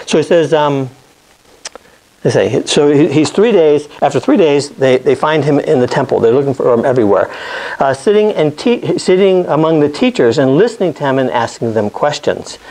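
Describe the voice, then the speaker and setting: Teaching an informal Bible lesson, a man speaks conversationally, often checking in with "okay?" and restarting or correcting himself mid-sentence. His voice sits at medium pitch with a darkish tone, and the recording is rough.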